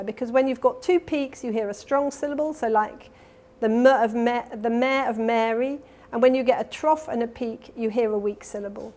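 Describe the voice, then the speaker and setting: A woman's voice: fairly high pitch, darkish tone. Woman giving an academic lecture. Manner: explanatory, with self-corrections and fillers. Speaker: keynote lecturer. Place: conference hall.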